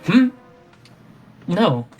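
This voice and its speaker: Woman doing a proud little fox-folk pirate girl, indignant, low voice, some music behind. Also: very animated, very slow, dark tone, dull audio, heavily acted. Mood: defensive. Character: proud young female fox-like pirate castaway. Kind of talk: in-character roleplay.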